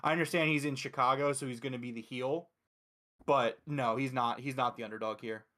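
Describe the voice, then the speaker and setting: A man from Philadelphia hosting a casual wrestling review show, talking excitedly and emphatically with frequent swearing. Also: medium pitch, a little fast. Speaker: host.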